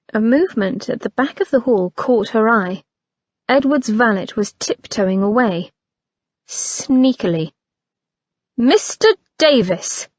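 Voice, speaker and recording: A woman narrating an audiobook in a measured, expressive reading. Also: fairly high pitch, dry recording, highs cut off.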